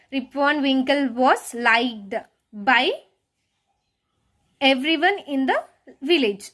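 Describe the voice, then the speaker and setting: A woman's voice: high voice, a bit bright. A woman teacher explaining a grammar lesson step by step, asking her class rhetorical questions and often restarting her phrases. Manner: frequent hesitant restarts. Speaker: schoolteacher.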